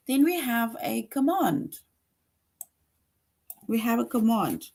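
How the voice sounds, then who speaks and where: A woman's voice: a little high, big pitch swings, gravelly, a little mellow. A woman teaching an online grammar lesson to young children, patient and repetitive, often checking in with "right?". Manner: slow, patient, repeats points with frequent "right?".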